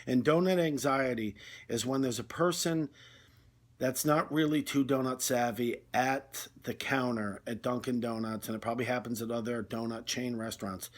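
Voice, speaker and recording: A man delivering a rambling, conversational comic monologue, full of fillers. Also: medium pitch. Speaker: comedy video host.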